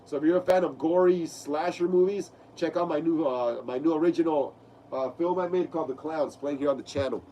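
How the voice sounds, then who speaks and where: Stuffy-nosed young man, high voice. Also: fairly quick, mellow, a little hiss or hum. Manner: casual, reads chat messages aloud, says bro a lot. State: stuffy nose from a cold. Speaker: live stream host. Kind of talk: casual live stream chat. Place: home room.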